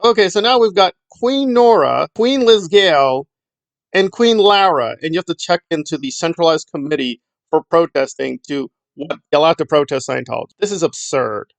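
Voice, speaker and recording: A man's voice: a little high, moderate pace, creaky, no echo. A middle-aged man giving blunt, sarcastic commentary in a rambling vlog. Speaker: YouTube commentator.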